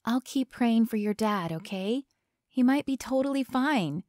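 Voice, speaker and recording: A woman voicing a young woman who speaks softly and reassuringly. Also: a little high, animated, measured pace, no echo, clean studio sound, pitched above the performer's own voice. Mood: soothing. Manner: soft, soothing and reassuring.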